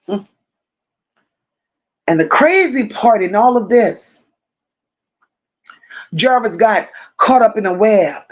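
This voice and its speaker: Speaking in a mid-range voice, a woman hosting a live stream reads viewer comments aloud and replies. She goes slowly, repeats phrases to emphasize them, and treats viewers like close friends.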